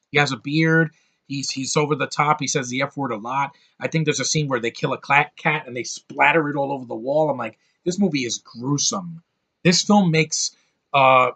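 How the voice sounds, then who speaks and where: A man's voice: medium pitch, bright, forceful tone. A man giving a casual movie review vlog, ranting bluntly, swearing freely and often restarting his sentences.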